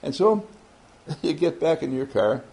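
Man, motivational storyteller, gravelly voice, lively pitch. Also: unhurried, rough recording. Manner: animated, laughs often. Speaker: motivational speaker. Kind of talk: storytelling talk.

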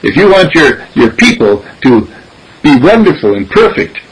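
Raspy guy preaching, super animated, slightly high voice, keeps repeating himself. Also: moderate pace, rough recording. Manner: animated, repetitive, acts out dialogue. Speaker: spiritual teacher. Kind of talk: spiritual teaching talk.

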